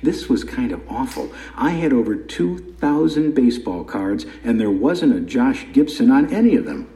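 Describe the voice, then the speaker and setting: A man narrating a first-person story for an audiobook in a lively storytelling way, with a roomy echo. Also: medium pitch, normal speed.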